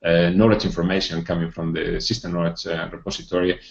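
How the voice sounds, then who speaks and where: Very low halting man in echoey room. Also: little pitch movement, gravelly. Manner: halting, many filler sounds and restarts. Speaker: project presenter. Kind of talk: technical presentation at a training session. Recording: dull echoey room recording.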